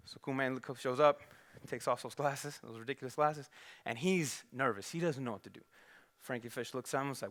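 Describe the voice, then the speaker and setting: Animated, bright-voiced male preacher. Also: a little high, normal speed. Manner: animated, conversational, acts out characters. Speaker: pastor. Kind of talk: storytelling sermon. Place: church.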